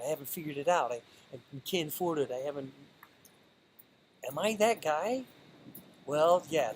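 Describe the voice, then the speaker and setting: A man's voice: on the high side, slight background noise, rough recording. A man talking straight to camera in a motivational vlog, earnest and stumbling, often repeating and restarting his words. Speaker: vlogger. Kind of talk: motivational monologue.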